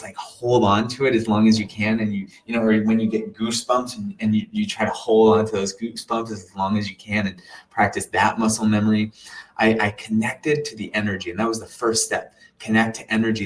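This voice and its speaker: A man telling an earnest personal story in a casual way, animated and full of sound-effect words, sometimes dropping to a soft near-whisper. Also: lowish voice, poor audio. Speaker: meditation teacher.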